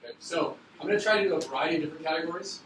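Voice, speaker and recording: A male teacher rattles off instructions at a brisk clip, with a slightly high voice for a man. He sounds distant from the mic, and the classroom echoes around him with steady background noise. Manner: quick, loose, joking with students. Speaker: middle school teacher.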